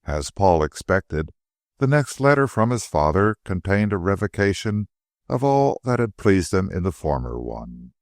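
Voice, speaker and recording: Casting: male audiobook narrator, low and lively, dry close sound. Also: a little slow, no echo. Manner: expressive storytelling.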